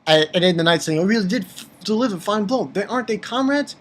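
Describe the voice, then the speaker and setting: A man giving an excitable, rambling recap of a manga chapter, repeating himself, swearing casually and jumping into high squeaky voices when he quotes. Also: fast talker, slight background noise. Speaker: manga reviewer.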